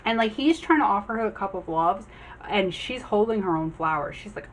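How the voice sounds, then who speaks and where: A woman giving a casual general tarot reading, chatty, acting out the figures on the cards in quick quoted voices. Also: mid-range voice, lively intonation, slight background noise, poor audio. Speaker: tarot reader.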